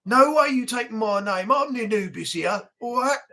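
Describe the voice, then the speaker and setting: A man's voice: very high-pitched, expressive, normal speed, bright, forceful tone, heavily acted. A man putting on the voice of a tough London hard man, threatening and swaggering, with a London accent. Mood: menacing.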